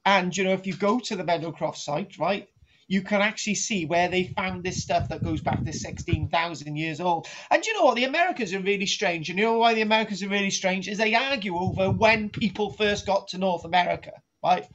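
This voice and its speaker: A man's voice: high-pitched, brisk, fairly bright tone. Male lecturer, comic and rambling, repetitive, muffled lo-fi recording. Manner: rambling, repetitive, keeps asking "right?". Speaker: archaeology teacher. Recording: dull lo-fi sound.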